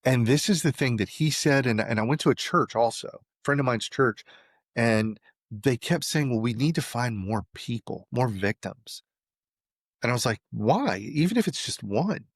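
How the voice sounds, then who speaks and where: A man's voice: mid-range voice, moderate pace, no room sound, clean studio sound. A man being interviewed, telling a story in a casual way and acting out the lines of the people he quotes. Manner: animated, acts out quoted dialogue. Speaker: interview guest.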